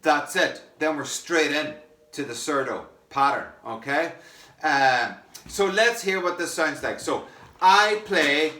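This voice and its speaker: A man's voice: on the high side, animated, a little slow, pushed and bright, soft background music. A man teaching a samba percussion lesson online, chanting the rhythm phrases and talking with fillers and restarts. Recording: echoey room, mic some distance away.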